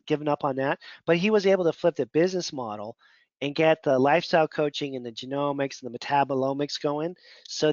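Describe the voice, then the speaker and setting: A man's voice: a little high, dry recording. Chatty man teaching, lo-fi sound. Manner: conversational, rambling, many fillers. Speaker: functional medicine mentor. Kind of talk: casual teaching talk. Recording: dull lo-fi audio.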